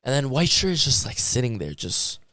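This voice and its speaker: A man from Canada, a musician guest, telling a story in casual chat, animated and full of "like". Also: mid-range voice, moderate pace, no echo, studio quality. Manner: animated, filler-heavy with lots of "like".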